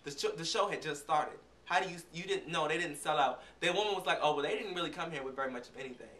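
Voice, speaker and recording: High, fast-talking young man vlogger. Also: echoey room. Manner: animated, chatty, acts out dialogue. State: recovering from illness. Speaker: vlogger reviewing a concert. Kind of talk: casual storytelling.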